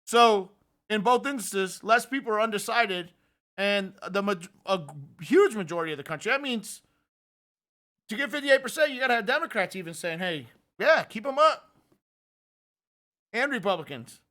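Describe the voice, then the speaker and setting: A man hosting a political podcast, giving opinionated and animated commentary. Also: high voice, normal speed. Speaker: podcast host.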